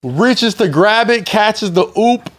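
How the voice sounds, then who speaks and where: A man's voice: high-pitched, animated, slow, no room sound, clean studio sound. A man in casual chat, animatedly retelling a movie plot, acting out the lines and laughing often.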